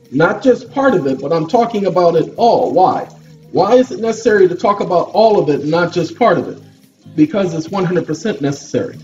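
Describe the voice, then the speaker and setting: Man, high voice, lecturing vlogger, repetitive and preachy, dull distant mic. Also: darkish tone. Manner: repetitive, lecturing, asks "okay?" often. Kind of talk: preachy monologue to camera. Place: at a computer desk.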